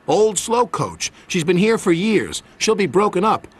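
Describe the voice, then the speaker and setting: A man doing a brisk yard manager. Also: sits high, sing-song, pitched above the performer's own voice. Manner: brisk, offhand.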